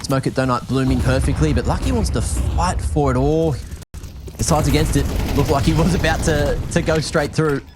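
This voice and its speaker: An Australian man calling a game play-by-play, quick and excited as the action unfolds. A faint hiss of noise sits under his voice, with clicks in the background. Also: fairly high pitch. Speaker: esports caster. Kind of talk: play-by-play commentary.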